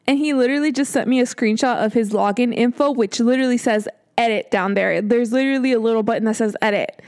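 Brisk and casual, a twenty-something podcast host in her late twenties tells a story with a voice pitched slightly higher than average. She curses freely and performs her own exasperated responses as she goes.

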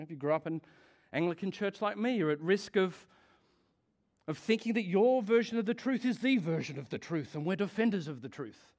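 A man with a notably high voice gives a sermon to his church. He talks in a casual, conversational way, throwing questions at the congregation and laughing often. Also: a little mellow. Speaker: pastor.

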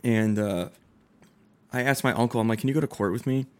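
A young man co-hosting a casual chat, telling a story with lively quoted dialogue, swearing and laughing as he goes. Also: medium pitch, brisk. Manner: animated, acts out quoted dialogue, swears freely, laughs often. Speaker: podcast co-host.

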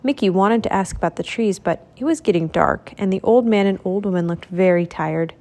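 A woman reading a children's storybook aloud, clear, expressive and steady. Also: medium pitch, a little fast.

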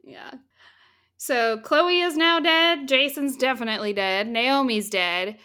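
A woman casually retelling a film's plot as a podcast co-host, lively and swearing freely. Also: high-pitched, takes it slowly, clear, resonant tone. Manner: animated storytelling, swears freely. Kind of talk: casual chat recapping a film.

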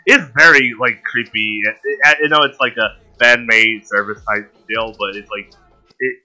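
A man's voice: medium pitch, fairly even intonation, moderate pace, bright, forceful tone. A man chatting casually on a podcast, stumbling over his words with many fillers.

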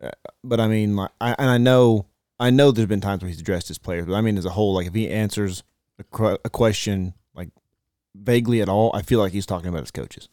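A man's voice: on the low side, fairly even intonation, fairly quick, darkish tone, no room sound, studio quality. A man co-hosting a casual sports podcast, talking in a laid-back, hedging way that trails off. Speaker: podcast co-host.

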